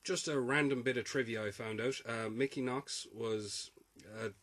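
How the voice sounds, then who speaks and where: Wry man with a bright voice. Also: mid-range voice, fairly even intonation, moderate pace. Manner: dry, wry asides and film trivia. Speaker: podcast co-host. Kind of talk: casual film-review chat.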